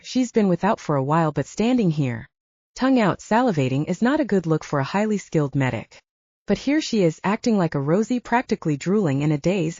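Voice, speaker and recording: A woman narrating an audiobook in an expressive storytelling manner, in a dull lo-fi recording. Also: on the low side, no room sound.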